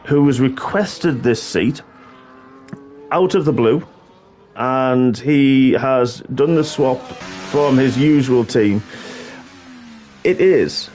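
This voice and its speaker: A man's voice: mid-range voice, darkish tone. Hesitant man co-hosting a stream. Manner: hesitant, lots of uhs and ums. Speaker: co-host of league stream. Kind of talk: live stream chat commentary.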